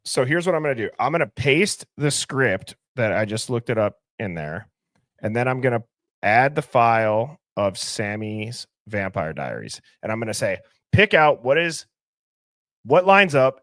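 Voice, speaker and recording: Man, laid-back stream chat, middle pitch, thinking aloud, dry recording. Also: big pitch swings, normal speed, fairly bright tone, no room sound. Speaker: stream co-host. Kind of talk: casual true-crime stream chat.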